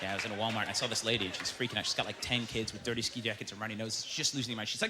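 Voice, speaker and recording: A man from Canada doing a stand-up comedy set, fast and animated, jumping into shouts. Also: fairly low pitch, over a noisy crowd, heavy background noise. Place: comedy club stage with audience. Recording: stage mic with loud audience laughter.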